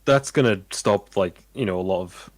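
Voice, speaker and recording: A young man guesting on a podcast, with a fairly low voice and a close, dry sound. He chats loosely and throws in deadpan jokes. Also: moderate pace, no echo. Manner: dry, joking asides. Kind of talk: casual chat.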